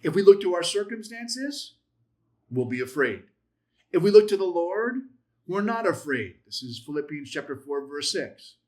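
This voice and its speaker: A man teaching a Hebrew grammar class at a church, stressing key words with sudden loud and soft swings and acting out quoted lines. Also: sing-song, moderate pace. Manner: acts out quotes with rising pitch.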